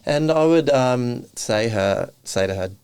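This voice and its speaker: A man's voice: mid-range voice, unhurried, clean tone. A man, a podcast guest, chatting casually and animatedly, acting out bits of dialogue as he tells his stories. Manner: animated storyteller who acts out quoted dialogue. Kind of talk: casual interview chat.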